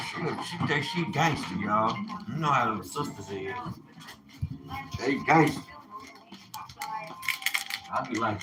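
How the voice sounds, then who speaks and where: A man chatting on a live stream in an animated, preachy, joking way, laughing often. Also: mid-range voice, slow, long pauses, music in the background, rough recording. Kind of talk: casual live-stream chat.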